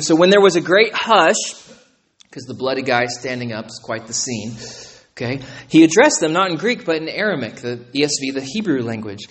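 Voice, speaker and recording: This pastor's sermon is chatty, full of "right?" and "okay?" to keep the congregation with him. He speaks a little fast, his high voice fairly bright with lively intonation.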